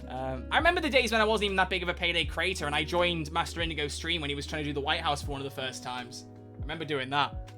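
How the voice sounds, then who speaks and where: A man's voice: fairly high pitch, expressive, quick pace, sharp tone, faint music behind. A young man streaming live, chatting casually and rambling as he answers questions from chat.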